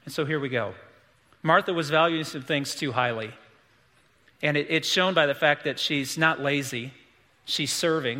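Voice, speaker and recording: A man's voice: a little high, sharp tone. A man preaching a sermon as pastor in a church, earnest and emphatic, repeating his key points. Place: church sanctuary. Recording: long hall reverb.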